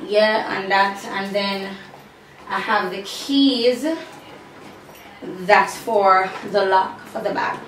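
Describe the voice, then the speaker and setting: A woman's voice: mid-range voice, steady tone, extremely slow, pauses often, fairly bright tone. A woman vlogging in casual chat, showing what is in her bag, with sassy asides to viewers. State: out of breath. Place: room at home with a fan. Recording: echoey room, far from the mic, faint hum.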